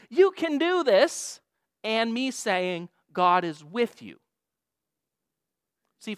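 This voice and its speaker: A woman's voice: a little high, fairly bright tone, no room sound, clean studio sound. A woman preaching a sermon, earnest and emphatic, often quoting scripture.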